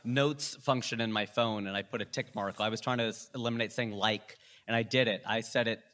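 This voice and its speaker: A man speaking as a comedian guest on a podcast, talking deliberately and playing with his pitch and loudness for emphasis. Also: steady tone. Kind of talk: casual interview chat.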